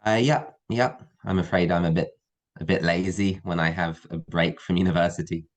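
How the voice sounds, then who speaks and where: A young man in his twenties with an English accent, chatting easily on a video call, relaxed and hesitant with fillers. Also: deep voice, moderate pace. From England. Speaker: guest, university student. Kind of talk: casual video call chat.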